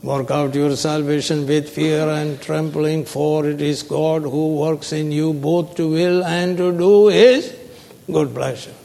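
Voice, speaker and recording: A man preaching a sermon, slow and emphatic, prompting his listeners with call-and-response questions. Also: on the high side, steady tone, vocal fry, dark tone. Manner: call-and-response, prompting the audience with "what, sir?"; slow, emphatic, stretches key words. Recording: long hall reverb.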